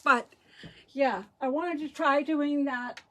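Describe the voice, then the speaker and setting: A middle-aged woman with a high, bright voice chats loosely with her livestream viewers, greeting them by name and wandering off into asides. A faint hiss of background noise sits under her voice. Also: steady tone, slow pace. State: out of breath. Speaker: craft livestream host. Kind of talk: casual live chat with viewers.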